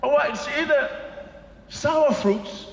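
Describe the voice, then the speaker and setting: A man with a Samoan accent preaching a sermon, switching between Samoan and English and stressing each phrase slowly. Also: very high voice. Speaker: pastor. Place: large church hall. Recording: echoey hall with long reverb.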